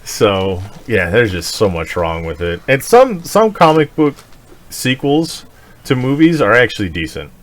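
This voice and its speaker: A medium-pitched man speaks a little slowly while co-hosting a casual podcast. He rants animatedly, swearing a lot and laughing throughout.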